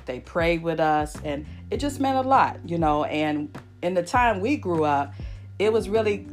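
A woman in her forties hosts a podcast, her voice sitting a bit low as she speaks warmly and emotionally, circling back over her words. Faint music runs softly under her talk. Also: lively intonation, measured pace. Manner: emotional, repeats phrases, folksy. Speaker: podcast host. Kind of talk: heartfelt casual chat.

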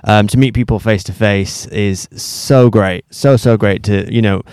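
Upbeat DJ tutor, smooth voice. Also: male voice, fairly low pitch, steady tone, darkish tone, no echo, studio quality. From England. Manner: upbeat, enthusiastic, quick bursts. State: slightly croaky after a night out. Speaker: DJ tutor and co-host. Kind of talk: casual podcast chat.

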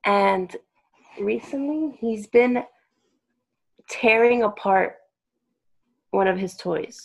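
A woman's voice: medium pitch, slow pace, gravelly, husky, rough recording. A woman co-hosting a podcast in casual chat, teasing and swearing freely. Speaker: podcast co-host. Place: lives in New York City.

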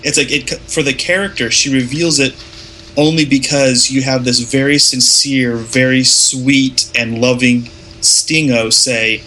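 Man, film chat co-host, bright and lively, acts out quotes; slight background hiss. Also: medium pitch, measured pace, rough recording. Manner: animated, acts out quoted lines. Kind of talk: casual film discussion.

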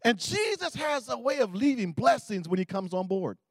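Male preacher, very high voice, lively, dry close sound, storytelling sermon. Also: normal speed, no echo. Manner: animated storytelling, acting out voices.

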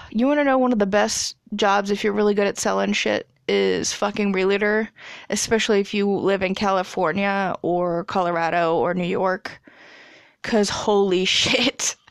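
Gravelly young woman telling stories. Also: medium pitch, flat delivery, moderate pace, no room sound, studio quality. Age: 20s. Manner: profane, laughing, chatty storytelling. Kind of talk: casual storytime.

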